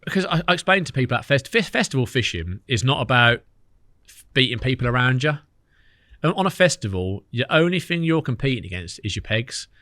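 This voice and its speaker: A man, a podcast guest telling lively stories in casual chat, acting out what others said. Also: medium pitch, no echo, clean studio sound. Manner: fast, animated storytelling with quoted dialogue.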